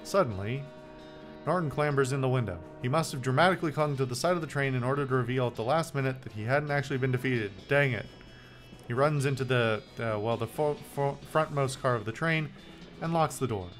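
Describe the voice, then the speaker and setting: A man's voice: mid-range voice, brisk, soft background music. A man hosting a video game playthrough, reading the game text aloud with playful commentary in a wry, joking, rambling way. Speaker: let's play host.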